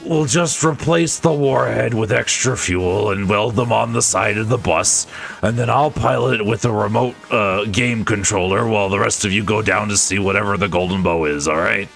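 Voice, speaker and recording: A man's voice: on the low side, normal speed, vocal fry, fairly bright tone, faint music behind. A man streaming a game, reading its dialogue aloud and joking with his chat between lines in a playful, chuckling way.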